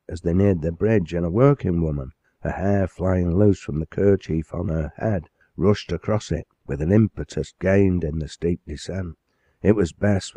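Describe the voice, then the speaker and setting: A man narrating a classic novel as an audiobook, with measured, dramatic storytelling. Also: low voice, warm tone, no room sound.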